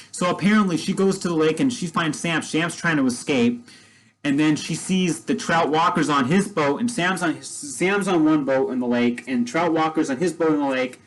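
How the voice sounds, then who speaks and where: Speaking at a moderate pace in a voice on the higher side, a man tells a story in his natural way. He's laid-back and conversational, drifting, repeating points, and leaning heavily on fillers, all on a rough-sounding recording.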